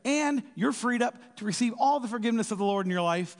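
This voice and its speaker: A man preaching a casual sermon in a lively way, acting out quotes in different voices. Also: extremely high pitch, fast. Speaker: pastor. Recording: reverberant hall.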